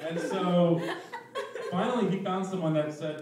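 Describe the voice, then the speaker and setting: A man's voice: fairly high pitch, fairly even intonation, normal speed, over a noisy crowd. Self-mocking young man telling a story. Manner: self-mocking, laughing through his lines. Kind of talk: live personal storytelling. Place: live event room. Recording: echoey room, distant mic.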